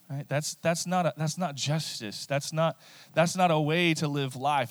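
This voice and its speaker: Guy preaching, chatty sermon style, middle pitch, dry no-echo sound, lots of "right?". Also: fairly bright tone. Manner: conversational, repeats phrases and asks "right?". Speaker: pastor.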